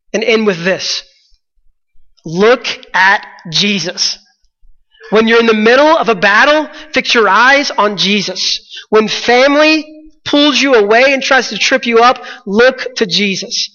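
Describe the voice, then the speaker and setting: An earnest male preacher delivers a sermon with a high, bright voice and repeats his phrases for emphasis. The dull sound carries a long echo from the church hall.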